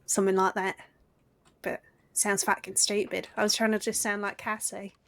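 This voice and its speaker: A woman's voice: mid-range voice, level tone, normal speed. A British woman in casual in-character roleplay chat, blunt and swearing freely. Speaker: roleplay player.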